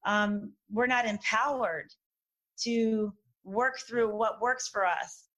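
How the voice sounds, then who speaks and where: A woman's voice: fairly high pitch, slow. Candid, talkative woman in casual chat. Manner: candid, animated, many restarts and fillers. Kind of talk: casual conversation.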